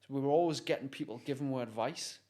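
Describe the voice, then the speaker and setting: A man's voice: medium pitch, quick pace. A man, a guest and motivational speaker, telling stories animatedly in conversation. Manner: animated, acts out voices. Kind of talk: storytelling in conversation.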